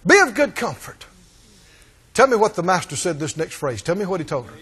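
A man preaching a sermon, laughing often and acting out the scripture scenes in lively voices. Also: sits high, brisk, husky.

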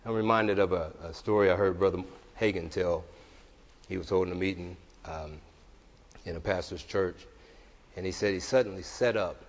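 A male preacher delivering a sermon. He swings between emphatic, shouted declarations and relaxed, chatty storytelling. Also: sits low, moderate pace, pauses often. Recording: reverberant hall, dull lo-fi sound.

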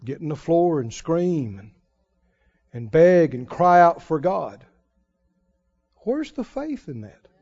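A man preaching a sermon in an animated style, mimicking wailing prayers to make his point. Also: on the high side, slow pace, long pauses. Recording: muffled lo-fi sermon recording.

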